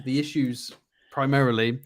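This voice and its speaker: A man co-hosting a casual live stream, talking in a relaxed, matter-of-fact way and walking through tactics. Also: medium pitch, normal speed. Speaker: co-host doing tactics analysis.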